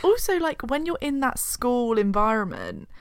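A woman with a British accent co-hosting a podcast, telling stories in lively casual chat and swearing now and then. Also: fairly high pitch, normal speed, creaky, smooth, no room sound, clean studio sound. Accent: British English. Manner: animated storyteller, swears casually. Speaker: podcast co-host.

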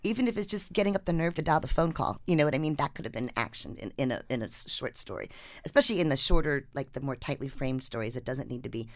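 Woman writer, low with a creaky edge, animated storytelling and reading. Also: fast, no room sound, studio quality. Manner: animated storyteller, acts out quotes. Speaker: writer and guest. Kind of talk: casual chat and reading her story aloud.

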